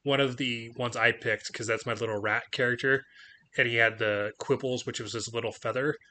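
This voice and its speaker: A man's voice: medium pitch, fairly even intonation, a little fast, pushed and bright. A man acting as game master, chatting loosely with lots of "like" fillers, then narrating the scene for his players. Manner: loose, filler-heavy talk with frequent laughs. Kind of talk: casual chat and game narration.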